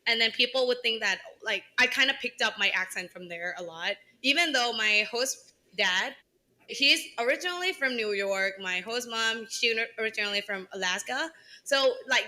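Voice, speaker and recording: A woman's voice: a little high, normal speed, pushed and bright. A young woman from Thailand with a Thai accent, co-hosting a podcast in casual chat, full of fillers and restarts. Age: young adult. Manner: chatty, many fillers and restarts. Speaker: podcast co-host.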